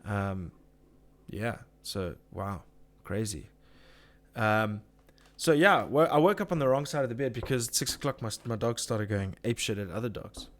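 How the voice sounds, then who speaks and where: A man's voice: fairly low pitch, expressive, normal speed. A man hosting a casual live chat, ranting with swearing and reading out viewer comments. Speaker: live-stream host.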